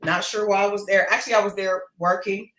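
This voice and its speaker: A woman co-hosting a podcast, chatting casually and telling stories with lively quoted voices. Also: mid-range voice, fast. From Oklahoma. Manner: animated storytelling with quoted voices. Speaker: podcast co-host. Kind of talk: casual chat. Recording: echoey room.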